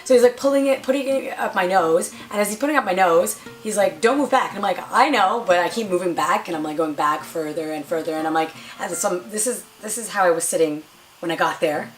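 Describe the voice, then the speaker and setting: A young woman vlogger telling a story to the camera in a casual, animated way, full of fillers and acted-out quotes. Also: on the low side, quick pace, soft background music, low-quality recording.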